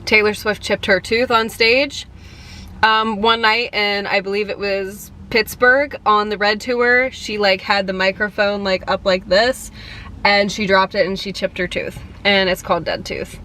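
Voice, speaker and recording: A woman's voice: medium pitch, steady tone, measured pace, sharp tone, a little hiss or hum. A young woman chatting casually in a fan vlog, giggly and full of "like" and "um". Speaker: vlogger.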